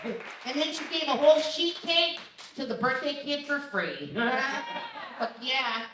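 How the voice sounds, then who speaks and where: A woman's voice: sits high, animated, slow pace. A young woman telling a crude, profane, self-mocking story at a live storytelling comedy show. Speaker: storyteller comic. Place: comedy bar stage. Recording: echoey room from far off, crowd noise. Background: laughing crowd.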